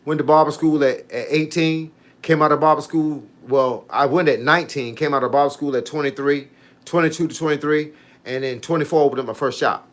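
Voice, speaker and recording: This fifties-aged fitness coach has a voice on the high side and talks a little fast. Chatting casually on his livestream, he's animated, spinning stories and reading viewer comments aloud as he responds to them.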